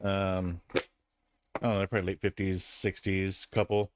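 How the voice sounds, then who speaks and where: A man's voice: low voice, little pitch movement, moderate pace, noisy background. A man casually telling a rambling personal anecdote, with frequent restarts and fillers. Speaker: vlogger. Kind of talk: casual storytelling.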